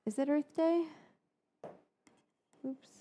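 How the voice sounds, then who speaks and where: A woman hosting a live cooking stream, rambling in casual chat, swearing now and then and muttering quiet asides. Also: sits high, steady tone, takes it slowly. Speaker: cooking show host.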